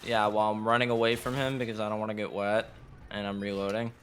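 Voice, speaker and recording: Young guy on voice chat, low bright voice, rambling storyteller. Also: flat delivery, fast talker, slight background noise. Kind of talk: casual voice-chat banter.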